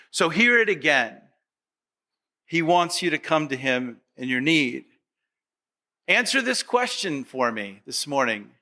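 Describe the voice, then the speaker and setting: A male pastor with a voice on the high side preaches unhurriedly, leaving long pauses, his pitch swinging widely in a bright, forceful tone. Repetitive in style, he asks the congregation rhetorical questions and acts out how they would speak.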